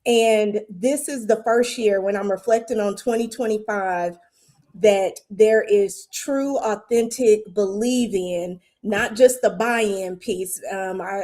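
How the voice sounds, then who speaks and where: A woman's voice: medium pitch, slow, a little mellow. A woman who works as a school principal, speaking on a panel and explaining her ideas earnestly. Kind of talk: reflective panel talk.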